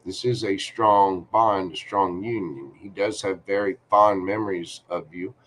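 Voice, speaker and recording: A man hosts a live tarot stream, turning the cards over for a viewer's question. His voice sits low, and he talks slowly, in a chatty, reassuring way. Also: fairly even intonation, a bit bright, a little hiss or hum. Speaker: tarot reader.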